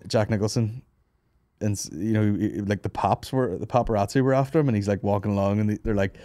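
A man's voice: fairly low pitch, fast, mellow, dry recording, clean studio sound. A young man hosting a comedy podcast, telling stories with lots of swearing and laughing asides. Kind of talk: casual banter.

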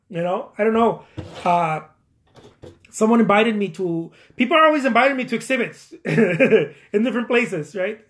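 High-voiced man giving rambling career advice. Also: lively intonation, a bit bright. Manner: rambling, repeats words, laughs at himself; quoting others in quick acted asides. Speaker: painter sharing career advice. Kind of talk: casual motivational talk.

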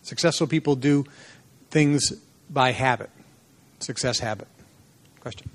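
A man's voice: mid-range voice, unhurried. A man giving a motivational seminar lecture to a live audience, telling personal stories and acting out the dialogue in them. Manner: animated storyteller, acts out dialogue in a lively voice.

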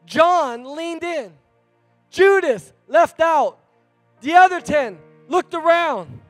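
A male pastor preaching a sermon in a church, animated and conversational, calling out to the congregation. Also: very high-pitched, takes it slowly, no echo, faint music behind.

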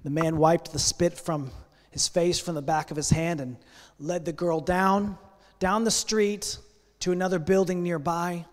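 A male pastor preaching a sermon and telling a long story, speaking earnestly with pauses and building intensity. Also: a little high, steady tone. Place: church sanctuary. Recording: long church hall reverb.

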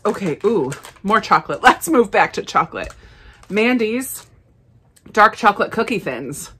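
A woman chatting casually as she unboxes and tastes snacks, upbeat and quick to laugh. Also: medium pitch, expressive, fairly bright tone, slightly rough. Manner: chatty, enthusiastic, frequent laughs. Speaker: snack reviewer. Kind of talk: casual unboxing and tasting vlog.

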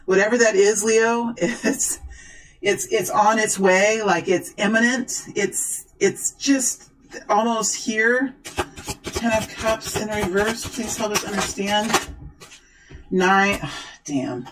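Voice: mid-range voice, slow pace, noisy background. A tarot reader talking to viewers during a card reading, gushing and exclaiming. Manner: excitable, exclaims and gushes.

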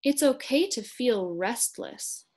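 A young woman in her twenties giving a children's read-aloud lesson, speaking gently and encouragingly to young kids. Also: a little high, lively intonation, slow pace. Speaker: speech-language pathology student teacher.

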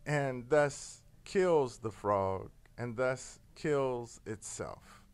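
A man telling a fable in an animated, conversational way during a discussion show. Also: mid-range voice, drawn-out words, smooth. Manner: animated, conversational, with filler words. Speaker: panel guest. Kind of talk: storytelling in a discussion.

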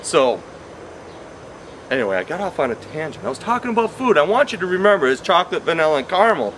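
A man's voice: on the high side, big pitch swings, quick pace, fairly bright tone, a little hiss or hum. Playful man teaching science. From Wisconsin. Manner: playful, goes off on tangents, repeats points. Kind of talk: chatty classroom lesson.

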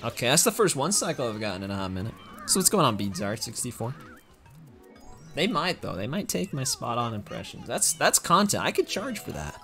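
A man's voice: medium pitch, big pitch swings, a little fast, fairly bright tone, soft background music. A young man speedrunning a game on a live stream, chatting casually and making self-deprecating jokes to his viewers.

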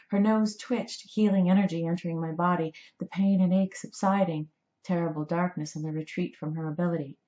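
A woman reading her own story aloud in a measured, dramatic storytelling manner. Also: on the low side, steady tone, dark tone, roomy sound, muffled recording. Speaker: author reading her book. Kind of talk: audiobook narration.

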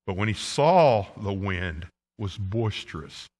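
A man preaching a sermon as pastor, telling folksy stories from his childhood with animated rises and falls. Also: slow. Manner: folksy storytelling preacher, animated swings in pitch and volume. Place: church sanctuary. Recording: long church reverb.

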